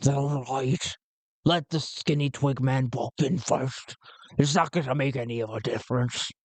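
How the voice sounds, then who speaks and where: A man voicing a rough, blustering pirate captain who rambles and talks over people. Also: mid-range voice, unhurried, dry recording, close to an everyday voice. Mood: dismissive. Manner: rambling, loud and pushy.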